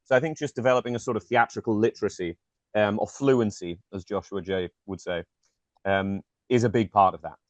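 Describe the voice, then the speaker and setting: Brief: guy, 30s, lowish voice, chatty and filler-heavy, dull dry audio. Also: fairly even intonation, no echo. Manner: quick, filler-heavy, uses "like" and "you know what I mean". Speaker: guest, magician and actor. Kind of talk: casual conversation.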